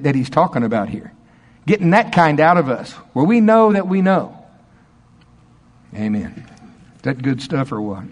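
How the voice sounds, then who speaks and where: A man preaching with fervor, his voice sitting a little high for a man. He swings between quiet, low asides and excited, climbing storytelling. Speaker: pastor. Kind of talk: charismatic sermon.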